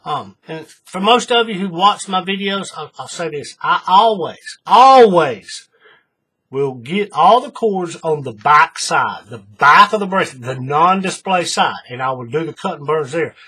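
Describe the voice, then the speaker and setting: A man's voice: on the high side, lively intonation, normal speed, hardly any pauses, pushed and bright, slightly rough. A man hosting a hands-on craft tutorial, chatting in a folksy way to his viewers while he works. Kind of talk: casual hands-on craft demonstration.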